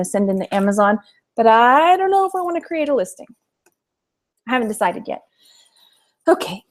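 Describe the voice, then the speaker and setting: A woman from Texas who hosts a casual live stream as a reseller. She chats about her finds and laughs often. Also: on the high side.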